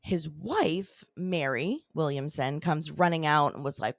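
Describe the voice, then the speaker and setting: A lower-voiced woman hosting a chatty podcast tells a strange tale, meandering and filling her talk with "like" and "you know." Her voice sounds close and dry. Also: animated, a little slow, hardly any pauses, no echo. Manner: rambling, heavy use of "like" and "you know". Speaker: podcast host. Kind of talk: casual storytelling.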